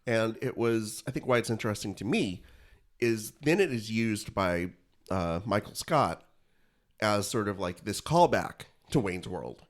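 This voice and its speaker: A man with a lowish voice chats casually as a podcast co-host. His comments come out dry and wry. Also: lively intonation, a little slow. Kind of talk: casual chat.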